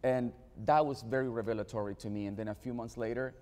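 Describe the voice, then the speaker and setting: Man telling a halting story in a hall. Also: mid-range voice, fairly even intonation, warm tone. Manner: halting, with many repeated restarts. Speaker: panel speaker. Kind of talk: storytelling at a panel talk. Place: event venue on stage. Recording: reverberant hall.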